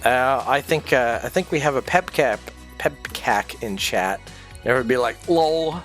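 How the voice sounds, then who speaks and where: A man's voice: mid-range voice, animated, normal speed, fairly bright tone, soft background music. A man hosting a stream, chatting casually in a rambling, sweary way and laughing often. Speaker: streamer host. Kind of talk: casual chat.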